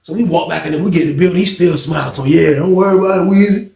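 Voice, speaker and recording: Young man, casual storytelling, slangy, animated, slightly high voice, roomy echo. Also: very fast, vocal fry. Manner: animated, slangy, addresses listeners directly.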